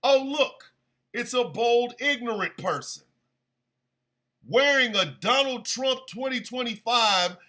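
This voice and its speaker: A man's voice: extremely high pitch, lively intonation, slow, bright, forceful tone. A man hosting a stream radio show, delivering a heated, profane and sarcastic political rant.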